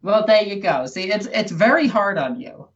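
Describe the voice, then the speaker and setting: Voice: medium pitch, animated, normal speed, highs cut off. A podcast host with a New York accent, sarcastic and mock-dramatic in casual chat.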